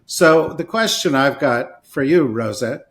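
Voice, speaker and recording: A man's voice: medium pitch, animated, a little slow, a bit bright. A man with a New Jersey accent hosting a podcast discussion, joking and self-deprecating. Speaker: host.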